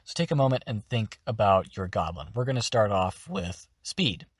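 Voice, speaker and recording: Cast: friendly instructor, man, low and slightly husky, dry close home mic. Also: sing-song, moderate pace, dry recording. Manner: upbeat, encouraging. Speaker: voice-acting tutorial host. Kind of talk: instructional narration.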